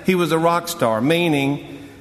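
A man delivers a sermon with dramatic swings from hushed, drawn-out phrases to loud, emphatic cries. His voice sits a little high for a man. A long hall reverb trails behind every line. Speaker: pastor.

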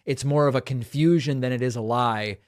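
A man's voice: mid-range voice, brisk. A man hosting a podcast, delivering sarcastic, cutting political commentary. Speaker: podcast host.

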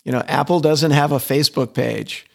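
A middle-aged man with a mid-range, gravelly voice tells stories as an interview guest. He talks with eager energy, often repeating words as he restarts his sentences. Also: medium pitch, fairly even intonation, moderate pace. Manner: enthusiastic storyteller, repeats words as he restarts, chuckles. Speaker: interview guest, advertising executive. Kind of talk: conversational interview.

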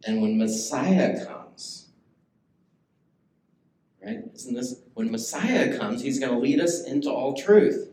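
A man's voice: medium pitch, big pitch swings, takes it slowly, pauses often, dark tone. A man preaching a sermon as pastor, talking in a conversational way and putting questions to the congregation. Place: church sanctuary. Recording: echoey church room, faint ambience.

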